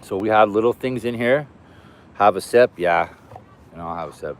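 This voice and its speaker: A man's voice: fairly low pitch, normal speed. A man walking by a river, chatting casually to his livestream viewers, thanking them and reading out their comments. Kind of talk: casual live stream chat. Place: outdoors by a river.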